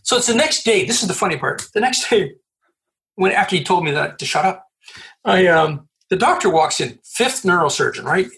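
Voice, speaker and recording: A middle-aged man from Canada, a guest in an interview, telling a story in an animated way, laughing and acting out the voices he quotes. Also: high voice, moderate pace, creaky, rough recording. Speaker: guest, recruiter. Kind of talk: storytelling in a conversation.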